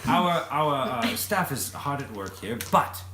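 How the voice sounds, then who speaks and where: A man's voice: on the high side, lively intonation, unhurried, pitched above the performer's own voice. A man playing a pompous toy guild referee. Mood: scolding. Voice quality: fussy and officious, scolding. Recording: echoey room, faint noise.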